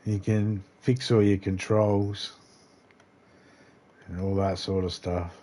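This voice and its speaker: Speaking slowly in a low, warm voice with little pitch movement, an Australian man chats his way through a livestreamed game. As a gaming streamer offering casual commentary, he rambles, stays laid-back, and swears from time to time.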